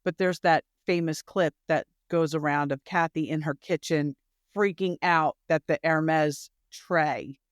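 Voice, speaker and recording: A woman co-hosting a podcast, chatting casually about a reality show with quick asides. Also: low-pitched, fairly even intonation, smooth, dry recording, studio quality. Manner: conversational, quick asides and agreeing fillers. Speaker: podcast co-host.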